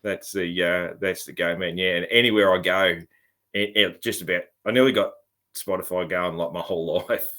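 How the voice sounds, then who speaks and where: Bright-toned Australian man hosting a chat. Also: sits low, steady tone, normal speed. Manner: rambling and easygoing, often calling the guest "man". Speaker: podcast host. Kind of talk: casual interview chat.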